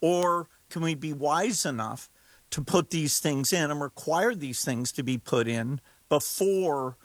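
A man's voice: fairly high pitch, unhurried, dry recording. A man speaking as a guest in an interview, urgent and emphatic, sometimes incredulous. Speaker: guest expert on AI risk. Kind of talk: interview conversation.

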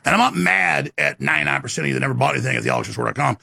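A man hosting a talk show, delivering an emphatic rant and sales pitch with sudden swings in pitch. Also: expressive, rapid-fire, gravelly, sharp tone, no echo, clean studio sound.

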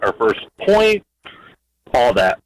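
A man calling in to a sports radio show, speaking in a heartfelt, halting way with many fillers. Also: medium pitch, very animated, poor audio. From Canada. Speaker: caller. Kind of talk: phone-in conversation.

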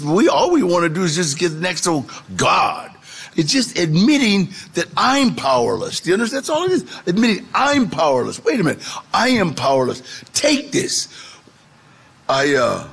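A man telling his life story to an audience, lively and acting out the voices of the people in it. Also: fairly high pitch. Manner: animated, gravelly storyteller who acts out quoted voices. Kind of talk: storytelling talk.

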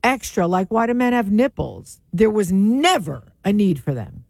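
A woman's voice: medium pitch, sing-song, normal speed, vocal fry, a little mellow, no room sound, clean studio sound. A woman co-hosting a casual comedy chat show, joking and slipping into silly voices. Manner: jokey, puts on silly voices. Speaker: co-host.

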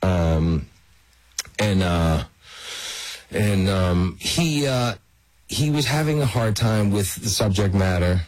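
A man guest on an interview, telling lively anecdotes and often laughing as he talks. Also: lowish voice, slow, pauses often, no echo, low-quality recording. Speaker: actor guest.

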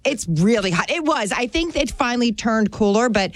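Female co-host, playful banter, animated pitch, dry close mic. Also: normal speed, dry recording. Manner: playful, laughing along. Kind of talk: casual studio banter.

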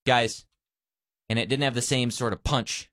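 A man's voice: medium pitch, steady tone, brisk, fairly bright tone, dry recording, clean studio sound. A man hosting a radio show, chatting playfully and acting out quotes as he tells a story. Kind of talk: casual morning show banter.

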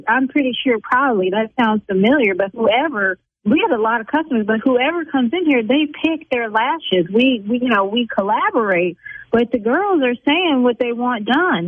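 A woman who owns a beauty salon, arguing with a caller over the phone, indignant and blunt and quick to flare up. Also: on the high side, husky, no room sound. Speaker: salon owner on a phone call. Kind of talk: heated phone argument. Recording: tinny phone line.

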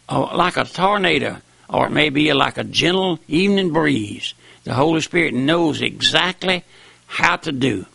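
A man's voice: on the high side, creaky, fairly bright tone, dry recording. An older man preaching a folksy, rambling sermon with rising and falling emphasis. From raised on a farm. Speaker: preacher on radio.

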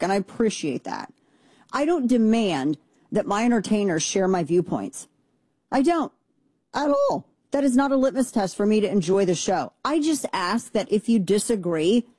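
Her mid-range voice is a little mellow and the recording has no room sound. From a home studio in Texas, this woman hosts a political talk show, delivering casual opinion commentary into a studio mic with headphones on, emphatic and rambling, with sarcastic asides.

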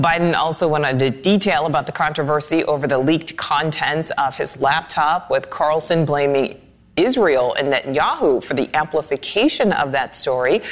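A woman news anchor reading scripted news in a crisp, measured delivery. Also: low voice.

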